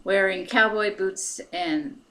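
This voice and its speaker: A woman in her fifties with an American accent, talking in a soft-spoken, halting way in a casual personal vlog, pausing often. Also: medium pitch. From United States. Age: 50s. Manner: soft-spoken and halting, with many pauses and fillers. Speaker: vlogger.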